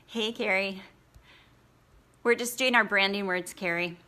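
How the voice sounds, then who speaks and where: Bright-voiced chatty woman coach. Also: mid-range voice, a little slow. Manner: chatty, encouraging, filler-heavy. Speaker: blogging coach. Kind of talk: casual live training talk.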